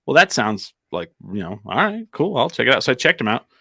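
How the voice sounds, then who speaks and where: A man's voice: mid-range voice, big pitch swings, a little fast, bright, forceful tone, dry recording, clean studio sound. A man from Albuquerque telling a casual anecdote on a comedy podcast, rambling with plenty of "like" and restarts. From Albuquerque, New Mexico.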